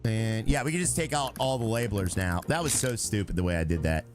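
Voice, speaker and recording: A man's voice: on the low side, a little fast, over music. A young man live-streaming a game, chatting with his viewers and talking himself through it in a joking way. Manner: chatty, talks to himself and chat; joking, breaks into sung lines.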